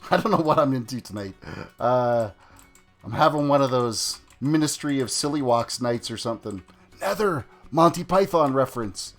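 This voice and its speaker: A man's voice: medium pitch, lively intonation, moderate pace, soft background music. A man hosting a live game stream, chatting playfully and joking as he plays. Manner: chatty, playful, reads chat aloud and jokes. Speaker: live-stream gamer host. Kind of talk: casual live-stream commentary.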